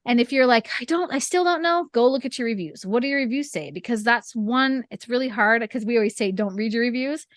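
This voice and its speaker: A woman's voice: on the high side, animated, a little fast, few pauses, no room sound, clean studio sound. A woman and author co-hosting a casual marketing talk. She is chatty, laughs often and acts out little stories as she talks. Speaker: podcast co-host and author. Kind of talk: casual chat, marketing advice.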